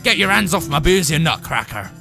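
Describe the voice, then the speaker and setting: A raspy female fridge, put on by a man from a comedy game, mocking and rude with a lilting Irish-Scottish twist. Her voice sits up high and swings about freely. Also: big pitch swings, fairly quick, music in the background. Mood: scornful. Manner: mock Irish-Scottish lilt. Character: sharp-tongued female talking fridge, rude and scolding.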